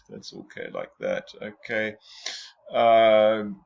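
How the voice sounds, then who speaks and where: Guy teaching english real slow and patient, lowish voice, kinda dull lo-fi recording. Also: wildly swooping pitch, creaky. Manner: patient, repeats example phrases slowly. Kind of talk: classroom lesson explaining exam tips.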